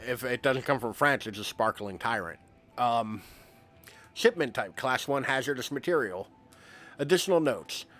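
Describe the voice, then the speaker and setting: A man's voice: medium pitch, lively intonation, moderate pace, a bit bright, faint music behind. A young man from the United States giving rambling, self-mocking commentary while he streams a game. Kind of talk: casual gameplay commentary.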